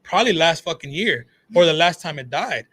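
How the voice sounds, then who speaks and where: A man, a phone repair shop owner guesting on a talk show, telling animated stories full of swearing and acted-out quotes. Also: on the high side, brisk, slightly rough. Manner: animated storyteller, swears freely, acts out quotes. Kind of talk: casual talk show chat.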